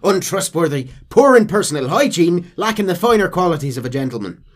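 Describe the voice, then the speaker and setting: A man voicing a comical, fawning Irish male outlaw who talks high, loud and excitable. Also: fairly quick. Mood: chummy.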